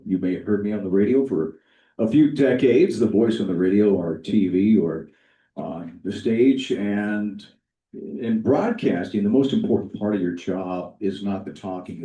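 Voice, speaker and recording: A middle-aged man from Washington State speaks as a candidate at a public townhall. His voice is very dark and low, delivered with a broadcaster's measured cadence. He sounds set back from the mic in an echoey hall. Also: recorded from a distance. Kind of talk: prepared campaign speech.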